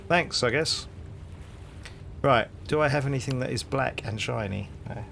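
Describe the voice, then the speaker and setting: A man's voice: mid-range voice, normal speed, vocal fry, long pauses, a bit bright, slight background noise. A male streamer reading game text aloud as he plays, with dry, wry asides. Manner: dry wry asides between read lines.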